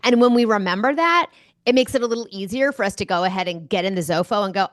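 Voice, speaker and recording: A woman's voice: medium pitch, quick pace, no room sound. Woman with a dry, close sound. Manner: enthusiastic, animated storyteller. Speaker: guest speaker. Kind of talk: conversational interview.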